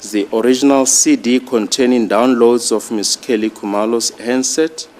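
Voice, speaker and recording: A man addressing a judge in a courtroom, reading out exhibits in a formal, deliberate way. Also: medium pitch, fairly even intonation, a little mellow. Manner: slow, deliberate, reads exhibit lists. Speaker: prosecutor.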